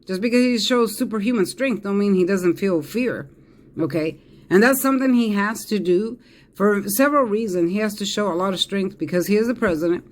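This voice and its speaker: A man giving a casual tarot reading, talking emphatically and repeating himself with fillers and restarts. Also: sits high. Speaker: tarot reader.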